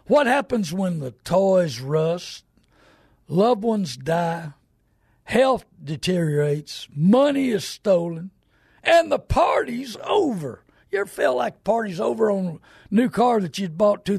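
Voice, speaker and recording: A man's voice: sits high, creaky, darkish tone, breathy edge, no room sound, clean studio sound. A man hosting a radio show, talking in a rambling, emphatic folksy way and acting out the people he quotes. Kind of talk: folksy radio talk monologue.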